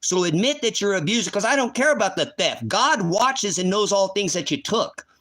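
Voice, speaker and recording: A man's voice: high voice, expressive, a little fast, a bit bright. A man hosting a livestream, ranting in a heated, profane, accusing way. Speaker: livestream host. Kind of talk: angry livestream rant.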